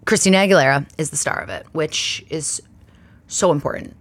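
A woman's voice: low voice, sing-song, brisk, slightly rough, no echo. A woman hosting her own show, chatting casually and rambling with lots of fillers and laughs. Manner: laughs often mid-sentence. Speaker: podcast host. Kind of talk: casual solo chat. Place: indoor studio under lights.

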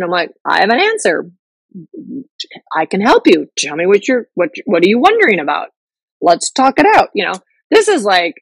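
A woman's voice: medium pitch, a bit bright, no echo, poor audio. A middle-aged woman hosting a podcast, talking openly and casually about her life, full of fillers and restarts. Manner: candid, chatty, many fillers and restarts. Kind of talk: casual personal talk.

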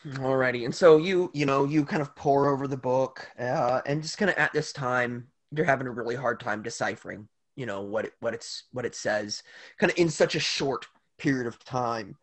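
A man's voice: mid-range voice, normal speed. A man narrating as game master of a tabletop game, loose and full of fillers.

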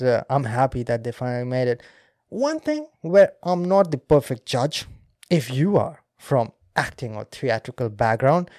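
A man's voice: mid-range voice, warm tone, no echo. Guy doing a chill podcast, laughs a lot, explains stuff step by step, dry close mic. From India. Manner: chatty, laughs often, explains science step by step. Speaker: podcast host. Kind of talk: casual explanatory podcast talk.

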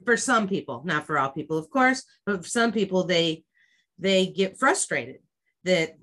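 A woman who runs stress trainings, talking casually and thoughtfully with frequent pauses. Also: on the low side, lively intonation, a bit bright. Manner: thoughtful, hesitant with fillers. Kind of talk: casual conversation.

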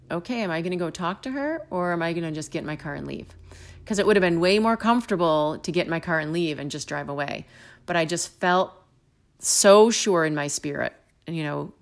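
A woman telling a personal faith story with animated storytelling, acting out both sides of the dialogue. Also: on the low side.

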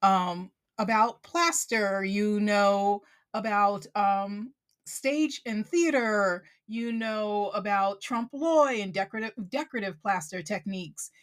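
A woman's voice: medium pitch, slow. A woman with a New York accent hosting a podcast interview, chatty and enthusiastic with frequent fillers. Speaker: podcast host.

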